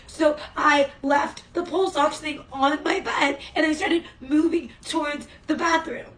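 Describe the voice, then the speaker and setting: A woman's voice: sits high, fairly even intonation, measured pace, fairly bright tone, recorded from a distance, low-quality recording. A woman vlogging from her hospital room, telling an upset story about a nurse. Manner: upset, venting. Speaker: hospital patient. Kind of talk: casual storytime vlog.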